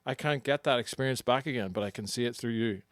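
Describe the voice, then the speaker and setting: Man, golf coach, podcast co-host, mid pitch, explanatory, dry close sound. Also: fast talker, no echo. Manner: explanatory, teaching step by step. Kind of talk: casual podcast chat.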